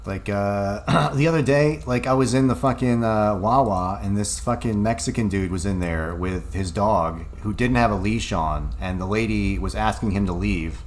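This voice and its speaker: A man's voice: on the low side, normal speed, few pauses. A man livestreaming, talking casually in a heated, profane ramble full of fillers, into a desk microphone.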